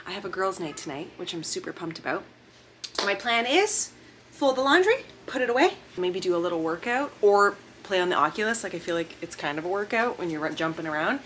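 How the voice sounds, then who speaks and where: A woman's voice: medium pitch, a bit bright, slight background noise. A woman, a mom vlogging at home in easy casual chat that is full of "like". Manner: chatty, peppered with "like".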